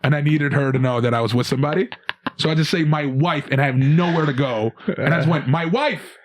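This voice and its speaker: A young man from Canada, a guest comedian, telling an animated story with many restarts in casual podcast chat. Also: a little high, fairly quick, no room sound.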